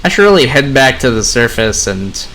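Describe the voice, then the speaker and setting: A young man chats loosely to his audience while he plays, drifting between the game and his thoughts. His voice is bright and forward, with a middle pitch. He rambles in a relaxed, conversational way. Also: moderate pace, slight background noise. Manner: relaxed, rambling, talks to viewers. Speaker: gaming vlogger. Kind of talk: casual commentary while playing.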